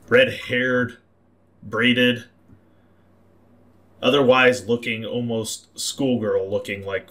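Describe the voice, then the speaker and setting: A man narrating a tabletop role-playing game as game master, describing scenes in a halting, repeating way. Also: fairly low pitch, fairly bright tone.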